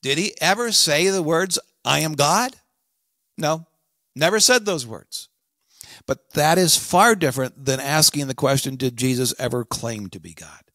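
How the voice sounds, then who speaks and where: Male podcast host, slightly higher voice, emphatic direct-address teaching, dry booth sound. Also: expressive, measured pace, bright, forceful tone, no echo. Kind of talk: scripted teaching monologue.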